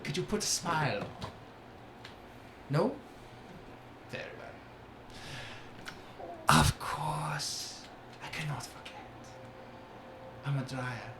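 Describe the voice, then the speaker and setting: A man's voice: fairly high pitch, expressive, slow, pauses often, echoey room, noisy background, voice pushed up. A man voicing a mannered fae lord. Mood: gracious.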